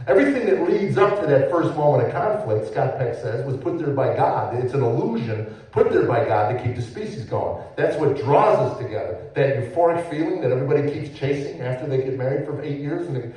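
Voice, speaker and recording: A middle-aged man shares his testimony from a church stage, halting and repeating himself as he goes. His voice sits at an ordinary pitch. It rings through a very echoey sanctuary, picked up from some distance away. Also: lively intonation. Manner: halting, repeats words, swings from hushed to loud. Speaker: testimony speaker, former comedian. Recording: echoey church hall, mic far off.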